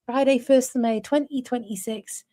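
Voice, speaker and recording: A woman in her forties from North East England, co-hosting a livestream, chats casually with viewers and laughs often. Her voice is a little high and mellow, with a steady tone and moderate pace.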